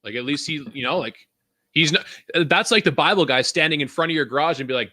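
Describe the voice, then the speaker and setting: A man's voice: fairly high pitch, quick pace, no echo. A young man from Vancouver co-hosting a casual podcast, ranting with swearing and laughter. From Vancouver, Canada. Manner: animated, swearing, laughing ranter. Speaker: podcast co-host.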